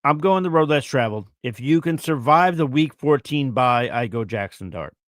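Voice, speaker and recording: A man's voice: mid-range voice, animated, moderate pace, a bit bright, no room sound. Laid-back guy chatting fantasy football, dry close sound, mid voice. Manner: easygoing, thinks aloud with fillers. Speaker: fantasy football show co-host. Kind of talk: casual live-stream chat reading viewer questions.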